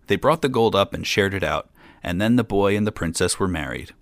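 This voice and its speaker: Deep, gravelly male storyteller. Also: a little fast, dry recording. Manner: calm, steady storytelling. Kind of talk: fairy tale read aloud.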